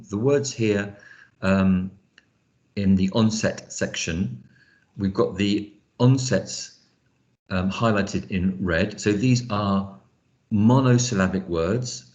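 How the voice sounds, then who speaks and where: A man's voice: low voice, a little mellow, reverberant, highs cut off. A man teaching an online phonics lesson, explaining step by step with frequent fillers. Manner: explanatory, thinks aloud with fillers. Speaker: lecturer.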